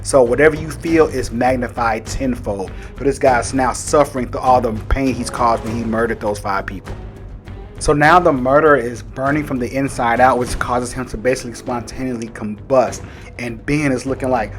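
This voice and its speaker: A man's voice: mid-range voice, steady tone, moderate pace. Chatty male comic reviewer over faint music. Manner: chatty, retelling the story with filler words. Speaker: comic book reviewer, host. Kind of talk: casual video review.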